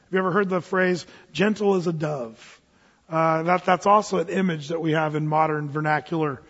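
A middle-aged man preaches in a relaxed, folksy way with easy chuckles. His voice sits high and a little husky. The sound is muffled and carries a long hall echo. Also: normal speed. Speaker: pastor. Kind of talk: sermon.

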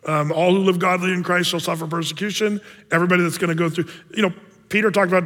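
Animated pastor preaching in an echoey hall. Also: male voice, high voice, fairly quick. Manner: casual, animated, acts out quoted voices. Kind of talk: sermon.

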